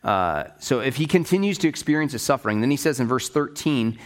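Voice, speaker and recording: A man's voice: medium pitch, expressive, a little fast. A man teaching a Bible study lecture in a conversational way, paraphrasing the text plainly and often checking in with his listeners. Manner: conversational, checks in with "right?" and "okay?"; explains in plain paraphrase with restarts.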